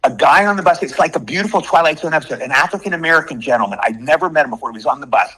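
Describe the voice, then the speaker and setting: Man in his 60s, actor guest, quick husky delivery, retells stories with repeats. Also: on the high side, poor audio. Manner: animated, repetitive storytelling. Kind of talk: storytelling in an interview.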